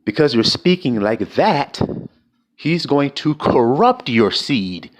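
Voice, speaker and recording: A man's voice: medium pitch, big pitch swings, slow pace. A man preaching an informal sermon, blunt and profane, firing rhetorical questions at his listeners.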